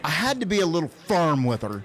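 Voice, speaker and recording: Man, radio co-host, fairly high voice, dry teasing remarks. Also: sing-song, fast talker, a bit bright. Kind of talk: casual chat.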